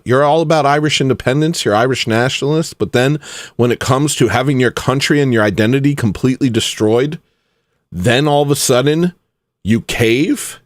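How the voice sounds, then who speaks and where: A man's voice: medium pitch, normal speed, no echo. Man ranting in a dry room. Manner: animated, mocking, with sudden outbursts. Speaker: channel host. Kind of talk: casual ranting monologue.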